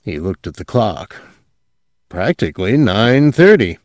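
A man reading a story aloud as narrator, measured and steady, dropping quiet at moments. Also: on the low side, no room sound, studio quality. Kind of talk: audiobook narration.

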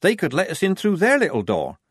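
A young woman passing herself off as a keen boy private, raised, eager and dutiful in tone, as a man puts her on. The storybook reading is lively in pitch and dry and close. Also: brisk, slightly rough, no room sound, exaggerated voice.

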